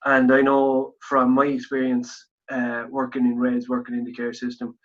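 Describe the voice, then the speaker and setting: A man's voice: medium pitch, monotone, normal speed, fairly bright tone. An Irish man with a Kildare accent, co-hosting a podcast in a chatty, rambling way with frequent restarts. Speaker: podcast co-host. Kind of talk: casual podcast chat and interviewing. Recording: dull lo-fi podcast audio.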